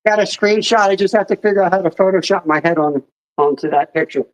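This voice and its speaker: A man's voice: high voice, quick pace, low-quality recording. A man chatting casually on a livestream, easygoing with self-mocking humor.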